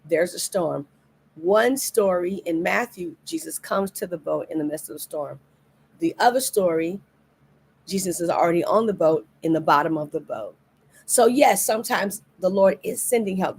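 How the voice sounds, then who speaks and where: A woman's voice: on the low side, gravelly, darkish tone, slight background noise. A middle-aged woman pastor giving a livestreamed devotional sermon, earnest and repeating key phrases for emphasis. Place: indoors, recorded for a livestream.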